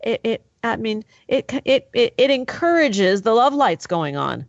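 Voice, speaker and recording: A woman's voice: on the high side, sing-song, unhurried, no echo, highs cut off. A woman hosting a podcast interview, talking enthusiastically and affirming her guest. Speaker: podcast host. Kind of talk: conversational interview.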